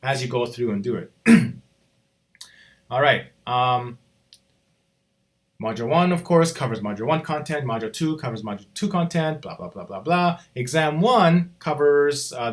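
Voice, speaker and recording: A man teaching a college course in a recorded walkthrough, chatty and relaxed, checking in with "right?" after nearly every point. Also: medium pitch, normal speed. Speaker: college instructor. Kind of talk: recorded screen-walkthrough lecture.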